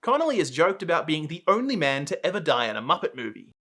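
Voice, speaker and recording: Man, scripted video essay narration, bright tone, lively pitch. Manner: clear, measured reading. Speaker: video host.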